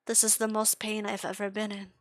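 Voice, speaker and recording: A young woman reading her own dark first-person story aloud, slow and anguished, often dropping to a whisper. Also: mid-range voice, completely flat delivery, no echo.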